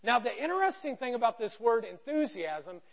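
A man in his thirties preaching a sermon, telling a story with animated quoted voices. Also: very high-pitched, brisk, gravelly. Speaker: pastor. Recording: dull lo-fi sound.

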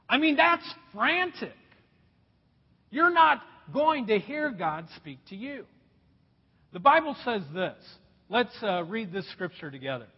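Brief: animated male pastor addressing folks, high, lively delivery, long hall reverb. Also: normal speed, slightly rough. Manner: animated, addresses listeners as folks, asks rhetorical questions. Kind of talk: sermon. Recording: echoey hall, dull lo-fi sound.

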